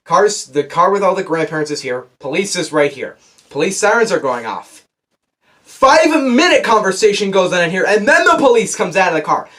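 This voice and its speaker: A young man talks straight to his camera in a casual review, his voice sitting a little on the high side. He rants with sarcastic exasperation. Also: very animated, brisk, fairly bright tone. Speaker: movie reviewer. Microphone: camera on a desk.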